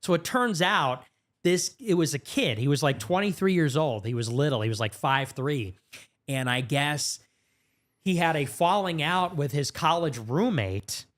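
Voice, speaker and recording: A man in a podcast studio, there as a guest, tells a story fast and animatedly, his voice jumping in pitch abruptly. The format is a casual storytelling interview.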